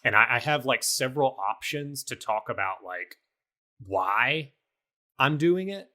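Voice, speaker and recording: A man's voice: mid-range voice, measured pace, bright, forceful tone. A man co-hosting a podcast, casually recapping his video game playthrough in a rambling way, full of fillers. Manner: rambling, filler-heavy storytelling. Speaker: podcast co-host.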